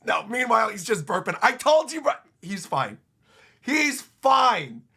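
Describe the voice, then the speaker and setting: Man, high lively voice, gravelly, husky, excitable reaction streamer. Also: a little slow. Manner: excitable, emphatic, repeats himself.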